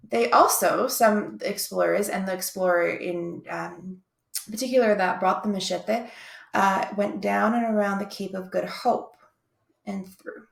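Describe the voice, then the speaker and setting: A woman's voice: mid-range voice, a little slow, vocal fry, roomy sound. A young woman teaching an online music lesson in an upbeat, chatty way. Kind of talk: recorded video lesson.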